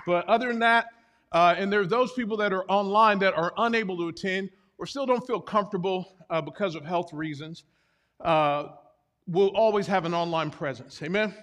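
Male pastor, high-pitched, winded, preaching to the room with jokes and call-outs; long reverb of a church hall. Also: moderate pace, a bit bright. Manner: jokey, talks with the congregation, asks for responses. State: out of breath. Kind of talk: sermon.

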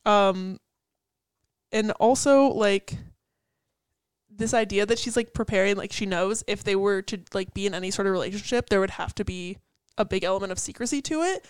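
A woman's voice: mid-range voice, normal speed, clear, resonant tone, dry recording. A young woman co-hosting a casual chat, picking apart song lyrics in a chatty way full of "like" and the odd swear. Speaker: co-host.

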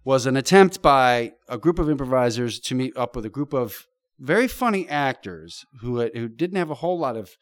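A man's voice: mid-range voice, animated, normal speed, dry recording. Profane, storytelling middle-aged man, dry sound. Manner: vivid, profane storytelling with colorful comparisons. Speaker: podcast guest. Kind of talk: casual chat.

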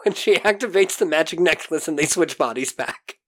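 A man co-hosting a podcast, recapping a TV episode in animated casual chat, swearing casually and acting out quotes. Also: fairly high pitch, moderate pace. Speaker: podcast co-host.

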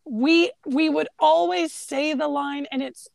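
Animated woman with a high, gravelly voice. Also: slow pace, no echo. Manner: animated, acts out quoted lines. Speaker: podcast co-host. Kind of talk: casual film discussion.

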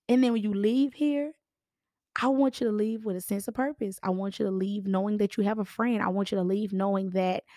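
A hoarse woman in her thirties with a raspy voice, hosting a casual podcast and chatting to listeners as y'all. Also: a little high, dry recording, clean studio sound. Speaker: podcast host, realtor.

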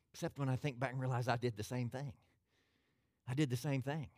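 A man preaching a sermon as pastor, folksy and animated, asking his listeners questions. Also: medium pitch, fairly quick, dry recording, clean studio sound.

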